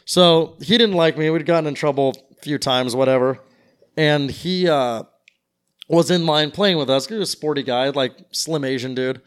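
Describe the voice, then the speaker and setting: A man's voice: on the high side, moderate pace, clear, resonant tone. A young man telling a long rambling story in casual chat, acting out what people said. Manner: rambling, quotes people in their voices. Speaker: podcast guest.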